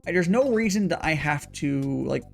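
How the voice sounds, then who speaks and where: High-voiced man rambling on a tea stream. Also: lively intonation, normal speed, vocal fry, faint music behind. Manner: rambling, restarts and repeats words, swears casually. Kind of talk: casual livestream chat while brewing tea.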